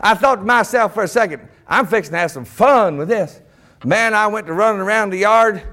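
A middle-aged man preaching a sermon, folksy and animated, breaking into shouted bursts. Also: high voice, a little fast.

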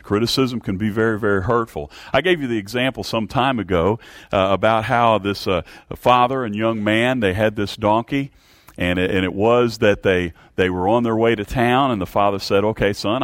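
A middle-aged male pastor preaching a sermon in a low voice. He stumbles and restarts often, repeating words as he works toward his point and tossing questions at his listeners. The sound is dry and close. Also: no echo.

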